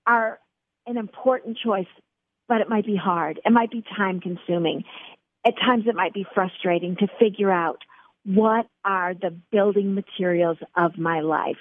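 Heard over a tinny phone line, a middle-aged woman author guests on a faith radio interview, encouraging and earnest as she addresses the host. She speaks a little slowly at a medium pitch.

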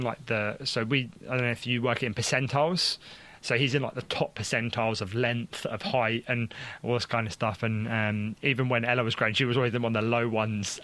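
A man's voice: medium pitch, bright, forceful tone. A man telling a casual, rambling story about his baby son, with many fillers and restarts. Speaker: father sharing a testimony. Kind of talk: casual conversational testimony.

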